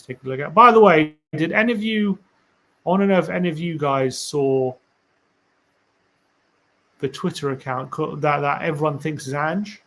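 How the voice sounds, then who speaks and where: Rambling, higher-voiced man streaming. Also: gravelly, a bit bright. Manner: musing, rambling, asks viewers rhetorical questions. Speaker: fan channel stream host. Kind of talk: casual live-stream chat reading tweets aloud.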